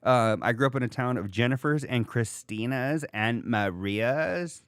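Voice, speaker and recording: A man hosting a podcast in casual chat, rambling and joking in an animated way. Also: medium pitch, unhurried, clean tone, no echo, studio quality. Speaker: podcast host.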